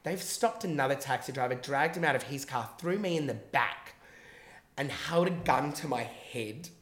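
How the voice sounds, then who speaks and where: A bright-toned man tells a story in a loose, animated way, swearing freely and acting out what people said. The recording has a roomy echo, like an untreated room. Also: mid-range voice, moderate pace. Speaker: guest telling a story. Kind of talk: casual storytelling on a podcast.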